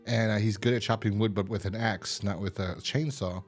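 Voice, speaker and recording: A man's voice: fairly low pitch, steady tone, normal speed, soft background music. A man co-hosting a podcast, chatting casually and rambling through stories with frequent laughs. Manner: rambling storyteller who laughs often. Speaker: podcast co-host. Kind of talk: casual review chat.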